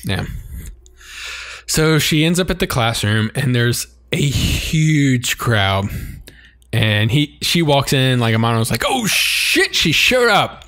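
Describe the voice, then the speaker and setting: A man co-hosting a podcast, telling episode plots in a casual, animated way, often laughing and swearing. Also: medium pitch, takes it slowly. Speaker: podcast co-host. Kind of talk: casual anime recap chat.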